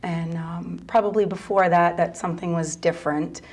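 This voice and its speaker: A middle-aged mother telling a personal story in an interview, soft-spoken and halting, sometimes dropping to a near whisper. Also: lowish voice, steady tone. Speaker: mother of a gay teen son; interview guest.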